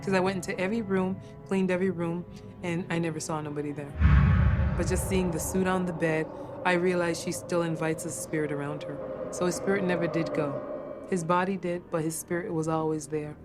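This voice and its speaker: A woman's voice: on the low side, steady tone, fairly quick, loud music behind the voice. A woman who works as a caregiver, earnestly recounting a ghost encounter and repeating herself for emphasis.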